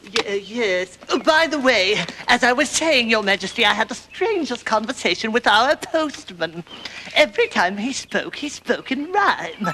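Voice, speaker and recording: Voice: mid-range voice, sing-song, normal speed, sharp tone, slight background noise. An actor playing an anxious rabbit servant in a children's TV musical comedy, flustered, stammering and overly polite, speaking in rhymes.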